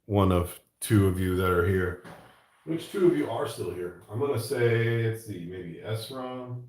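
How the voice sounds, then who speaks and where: A man's voice: on the low side, expressive, unhurried, a little mellow, roomy sound. A middle-aged man chatting casually while he works on a craft project, rambling and joking at his own expense. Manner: rambling, self-mocking, jokey. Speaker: art channel host.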